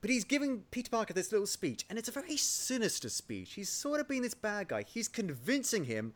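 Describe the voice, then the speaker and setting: A man's voice: high voice, wildly swooping pitch, fairly quick. An English man co-hosting a podcast, chatting casually as a playful storyteller. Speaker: podcast co-host. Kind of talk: casual chat.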